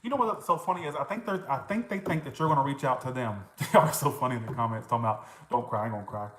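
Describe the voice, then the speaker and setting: A man's voice: on the high side, fast talker, fairly bright tone. Chatty man doing a tarot reading in an echoey room. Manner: chatty, reacts to comments, swears and laughs. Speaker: tarot reader. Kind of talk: casual tarot reading livestream.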